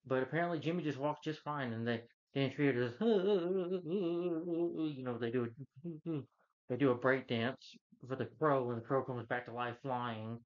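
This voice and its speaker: A man's voice: mid-range voice, fairly even intonation, a little fast, highs cut off. A man rambling through a casual, profane movie review rant, full of fillers and restarts. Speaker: film reviewer.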